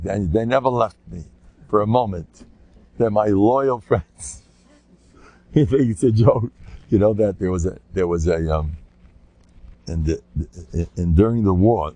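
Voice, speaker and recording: A man's voice: lowish voice, darkish tone, no echo. An older man, a rabbi, teaching an informal class and telling rambling stories, often laughing and restarting his sentences. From United States. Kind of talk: informal Torah talk with anecdotes.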